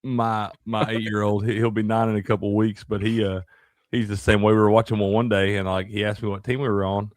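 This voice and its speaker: A man's voice: lowish voice, flat delivery, a little fast, no echo, studio quality. A man co-hosting a sports podcast, chatting in a laid-back, jokey way. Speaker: podcast co-host. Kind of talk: casual sports chat.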